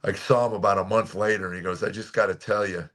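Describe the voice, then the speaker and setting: A comedian in his seventies telling stories in a radio interview, lively when quoting people and quiet and earnest on serious points. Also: fast. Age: 70s. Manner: animated storyteller, jumps high for quoted voices. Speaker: comedian guest.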